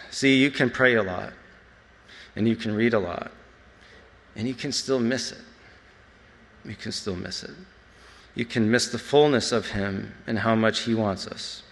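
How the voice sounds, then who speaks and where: An earnest man with a fairly low voice, giving a reflective personal testimony as a sermon. His voice rings out with the long reverb of a large hall. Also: gravelly, a bit bright. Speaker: church speaker.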